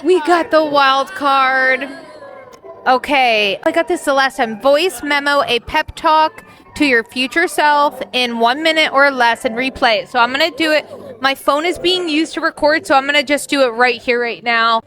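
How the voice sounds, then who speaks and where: A high-voiced woman chatting casually while hosting a board game playtest. She is encouraging and a little rambling. Soft music sits faintly behind her. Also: moderate pace. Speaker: host. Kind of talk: casual chat at game night.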